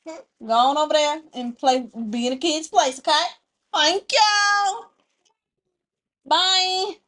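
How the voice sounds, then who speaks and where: Animated high-voiced woman vlogger. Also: moderate pace. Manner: animated, talks straight to the audience. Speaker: story-time reaction vlogger. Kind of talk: casual chat to viewers.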